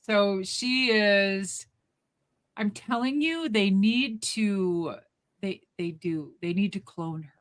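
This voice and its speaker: A woman co-hosting a live show, telling a rambling, animated family story in casual chat. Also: medium pitch, slow pace. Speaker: co-host.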